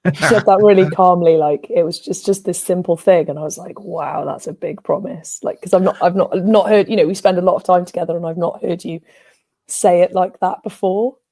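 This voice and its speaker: A podcast co-host in casual conversation who listens attentively, with frequent soft murmurs of agreement. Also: mid-range voice, fairly even intonation, brisk.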